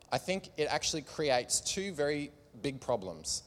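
A man's voice: a little high, big pitch swings, moderate pace, few pauses. A man preaching casually to a live audience in a large room, joking as he goes, with a slight cough. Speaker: preacher at a church gathering. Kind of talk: sermon with audience participation. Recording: long hall reverb.

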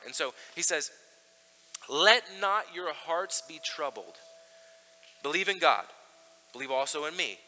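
Bright high-voiced man preaching. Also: long reverb tail, low-quality recording. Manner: conversational preaching with fillers and restarts. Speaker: pastor. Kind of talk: sermon.

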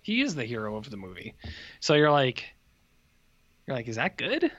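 A man's voice: medium pitch, big pitch swings, normal speed, a bit bright. Male podcast co-host, casual rambling movie chat, joking delivery, slightly muffled audio. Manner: joking, rambling, slips into mock exclamations.

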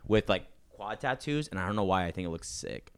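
A man's voice: sits low, animated, a little fast, clear, resonant tone. A young man hosting a podcast, chatting casually and telling rambling stories full of "like" and restarts. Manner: rambling, filler-heavy storytelling. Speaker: podcast host. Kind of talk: casual chat.

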